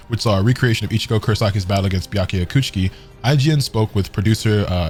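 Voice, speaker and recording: Fast-talking casual man with hiccups. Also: fairly low pitch, darkish tone. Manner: casual, filler-heavy rambling. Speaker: gaming commentator. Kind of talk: reading an article and commenting.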